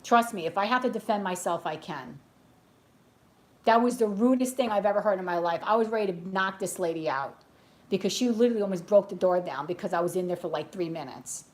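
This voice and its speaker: Here the woman's mid-range voice moves briskly as she fills the gaps between live tarot readings with casual talk. Her stories come out bluntly and with plenty of animation, drifting from one tangent to the next.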